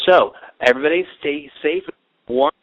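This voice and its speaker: A man's voice: a little high, normal speed. A man hosting a solo call-in show as a psychic advisor, rambling with many fillers and restarts as he leads a guided meditation. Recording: tinny phone-line sound, dry.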